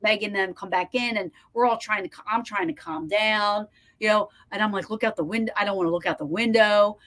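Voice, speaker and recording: A woman hosting a podcast over a video call, telling a story in animated, breathless bursts with lots of restarts and some swearing. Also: mid-range voice, a little fast. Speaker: podcast host. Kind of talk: casual storytelling chat.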